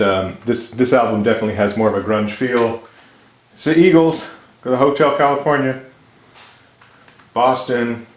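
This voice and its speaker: A resin maker with a medium-pitched voice chats to the camera casually and enthusiastically, thinking out loud as he works in his home workshop. The workshop is echoey, and loud machine noise fills the recording.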